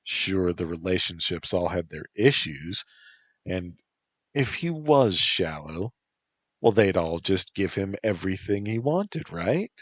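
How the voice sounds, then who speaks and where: A man's voice: low voice, very animated, slow, a bit bright, no room sound. A man reading his own story aloud in an unpolished style, with occasional slips and self-corrections.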